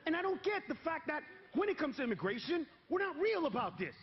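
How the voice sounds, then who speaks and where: A man performing a stand-up comedy set on stage, punchy and loud, shouting his punchlines. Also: extremely high pitch, big pitch swings, fairly quick. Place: comedy stage before a live audience. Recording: lo-fi live recording with crowd noise.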